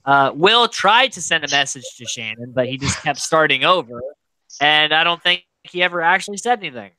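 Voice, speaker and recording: A man hosting a podcast, recapping a reality show in animated casual chat. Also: fairly high pitch, fairly quick, no echo, low-quality recording. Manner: animated, quotes people in put-on voices. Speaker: podcast host.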